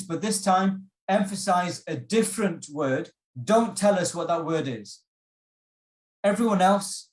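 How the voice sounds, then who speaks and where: Guy teaching an online class, upbeat and encouraging, says um a lot, kinda high voice, echoey room. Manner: encouraging, repeats instructions, frequent ums.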